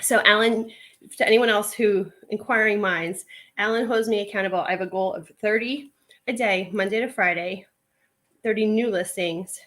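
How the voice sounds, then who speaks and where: A woman talks her way through a home live stream in a loose, rambling manner, filling gaps with easy fillers as she sorts clothes. Her voice sits at an ordinary middle pitch. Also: normal speed, a bit bright. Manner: chatty and rambling, with many "like" fillers. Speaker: online reseller hosting a live stream. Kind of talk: casual live-stream chat while sorting items. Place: at home, sorting a pile of clothes.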